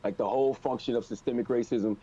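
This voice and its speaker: A man's voice: medium pitch, steady tone, warm tone, husky, highs cut off. A man giving impassioned, emphatic commentary in a played clip. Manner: emphatic, rapid, rhetorical lists. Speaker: radio host, played clip.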